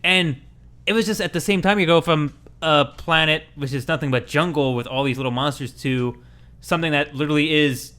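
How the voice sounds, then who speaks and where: A man's voice: a little high, fairly quick, sharp tone, clear, resonant tone. A man co-hosting a gaming podcast, talking casually and rambling with many fillers. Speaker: podcast co-host.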